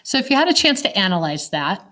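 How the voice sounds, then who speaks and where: A woman's voice: mid-range voice, very animated, fast, sharp tone. Woman teacher, recorded online lecture, conversational, quizzes the class. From Colorado, United States. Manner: conversational, asks the class questions.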